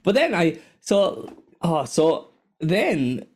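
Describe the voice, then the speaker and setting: This male podcast host has a higher-pitched voice and stretches his words out. In a relaxed conversation, he spins lively tales packed with profanity and frequent bursts of laughter.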